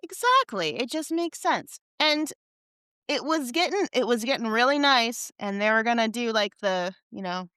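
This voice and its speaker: A woman's voice: on the high side, animated, moderate pace, sharp tone, smooth, no room sound, clean studio sound. A woman co-hosting a podcast, chatting casually and teasing as she recaps a game. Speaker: podcast co-host. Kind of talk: casual chat.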